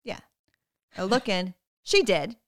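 A woman casually telling an animated parenting story, quoting her children and laughing often. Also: medium pitch, takes it slowly, dry recording, studio quality. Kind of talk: casual chat.

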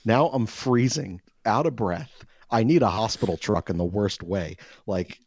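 Deep-voiced man telling a comic story. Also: measured pace, no room sound. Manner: animated, swearing, self-mocking.

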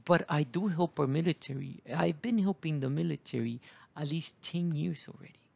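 Gravelly preacher man. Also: a little high, darkish tone. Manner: digressive, halting, many fillers. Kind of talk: rambling Bible teaching.

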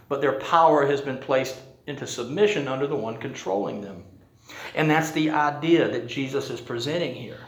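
A man preaching a sermon as pastor, telling a story in a conversational way. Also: fairly high pitch. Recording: roomy echo.

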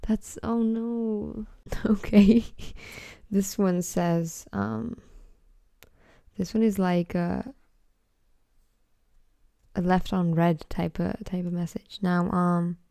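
A woman's voice: lowish voice, level tone, slow, gravelly, long pauses, warm tone, no room sound. A teenage girl hosting a casual solo podcast, reading texts aloud in a giggly, blunt way and swearing freely. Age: teens. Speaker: podcast host.

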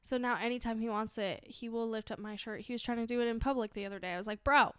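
A woman's voice: fairly high pitch, steady tone, fast talker, smooth, no echo, clean studio sound. A young adult woman co-hosting a casual podcast, telling stories in a chatty way and laughing often. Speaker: podcast co-host. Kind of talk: casual chat.

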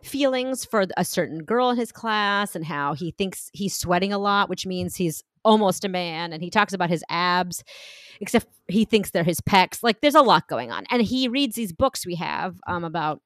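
A woman in her thirties telling stories about her children in casual chat, animated and laughing often. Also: lowish voice, moderate pace, dry recording, studio quality. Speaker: podcast guest.

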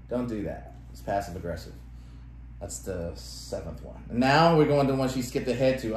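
A man's voice: fairly low pitch, normal speed. Laughing man co-hosting a podcast, echoey. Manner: laughs often, animated when reading phrases aloud. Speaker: podcast co-host. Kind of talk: casual chat. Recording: echoey room with faint noise.

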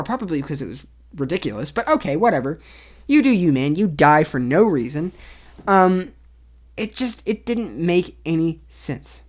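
A young woman with a low, deep-set voice runs her own solo show about the news. She reads articles aloud and breaks off into blunt, opinionated asides, rambling and restarting as she goes. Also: very animated, moderate pace. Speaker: podcast host. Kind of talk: casual solo commentary on news.

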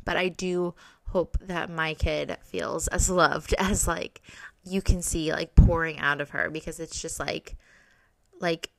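A woman's voice: fairly low pitch, gravelly, dry recording, rough recording. A young adult woman recapping a TV series in a chatty, gushing way, full of likes and ums. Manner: chatty, filler-heavy, gushing. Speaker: podcast host recapping a TV series. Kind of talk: casual recap chat.

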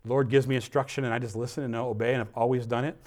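A man preaching a sermon with lively emphasis, dropping to quiet asides and reading scripture slowly. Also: medium pitch. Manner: animated preaching, swinging between loud emphasis and quiet asides. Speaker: pastor.

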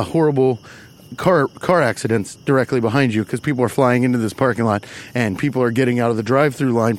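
A man telling a profane, exasperated comedy story, acting out the people he quotes. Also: medium pitch. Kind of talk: stand-up storytelling.

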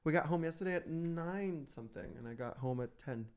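A man co-hosting a podcast, telling stories in a campy, animated, casual way and laughing often. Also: fairly high pitch, brisk, clean tone. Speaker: podcast co-host. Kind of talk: casual chat.

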